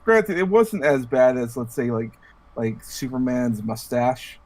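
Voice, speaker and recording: A man's voice: mid-range voice, unhurried, darkish tone. A man co-hosting a casual podcast chat, giving laid-back opinions with some hesitation. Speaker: podcast co-host.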